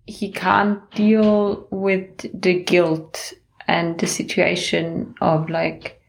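A woman discussing a novel in a casual chat, thoughtful and measured. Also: mid-range voice, gravelly. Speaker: book club participant.

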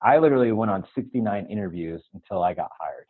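A man with a lowish, husky voice tells a personal story at a quick pace as a guest in a casual interview. He is animated and laughs now and then, and the audio sounds tinny, like a phone line.

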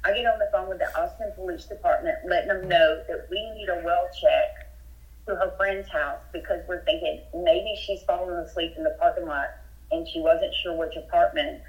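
A woman from Texas speaks as a guest over a muffled phone line. She tells her story in earnest and thorough detail. Her voice sits a little low. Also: steady tone, normal speed. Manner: earnest, detailed retelling with rising urgency. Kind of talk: telling a personal story by phone. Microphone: telephone.

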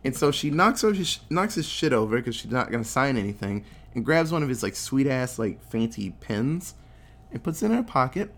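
A man's voice: medium pitch, moderate pace. A man casually recapping a film plot, swearing freely and acting out the characters' lines as he tells it. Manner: animated storytelling, acting out quotes. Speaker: podcast co-host recapping a film. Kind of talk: casual chat, profane movie recap.

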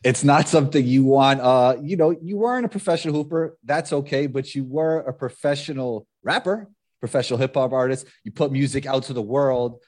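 A man's voice: medium pitch, brisk, darkish tone. A man hosting his own podcast, reading an upbeat promotional intro and then chatting easily with a guest. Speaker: podcast host.

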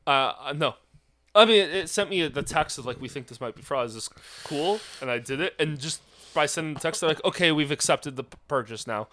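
A man's voice: fairly high pitch, animated, fairly quick, bright, forceful tone. A man hosting a casual podcast, telling a long rambling story, swearing freely and acting out both sides of a phone call. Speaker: podcast host.

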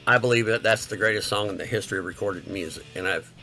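A middle-aged man telling a story with excitement, acting out quotes as he goes. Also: on the low side, fast, soft background music. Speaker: guest. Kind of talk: casual storytelling.

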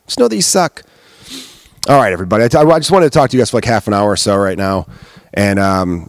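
A man's voice: lowish voice, no room sound, studio quality. A man hosting his own podcast as a comedian, ranting casually and heatedly with plenty of swearing. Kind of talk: casual solo podcast rant.

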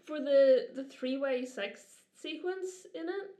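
A woman's voice: high voice, slow, warm tone. Chatty Irish woman in an echoey room. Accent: Irish, Dublin. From Ireland, Dublin. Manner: chatty, giggly storyteller. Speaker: podcast co-host. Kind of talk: casual chat.

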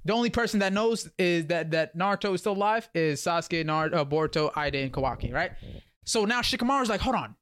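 A man hosting a podcast, recapping a story in lively slang and acting out quotes in a casual chat. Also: high-pitched, fast, smooth. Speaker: podcast host.

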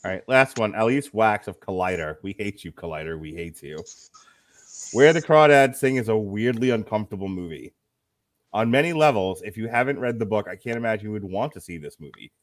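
Male podcast host, lower register, dry close mic, wry and laughing, casual review chat. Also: expressive, a little fast, dry recording. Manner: reads out critics' quotes, laughing and wry.

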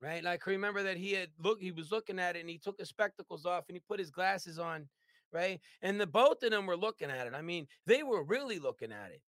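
Bright-voiced, animated man telling his story. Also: sits high, fast, no room sound, clean studio sound. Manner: animated, tags lines with "right?". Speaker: business owner guest. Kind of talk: storytelling in an interview.

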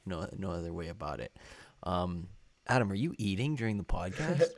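Teasing young man, very deep voice. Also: big pitch swings, normal speed, no echo. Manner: teasing, upbeat. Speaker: podcast co-host. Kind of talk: casual sports chat.

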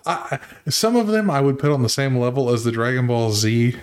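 A man hosting a podcast who reads a quick intro and sponsor spot, then banters casually. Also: medium pitch, very animated, smooth. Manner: brisk scripted intro, then joking banter. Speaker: podcast host.

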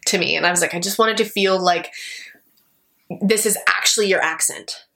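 A woman's voice: on the low side, normal speed, creaky, sharp tone. A young woman from Canada co-hosting a podcast in casual, blunt chat, laughing often. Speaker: podcast co-host.

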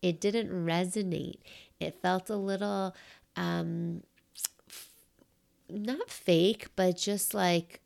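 A middle-aged woman giving a reflective talk on self-compassion, speaking softly and sometimes sinking into a whisper. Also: on the low side, steady tone, gravelly. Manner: soft and unhurried, at times dropping to a whisper.

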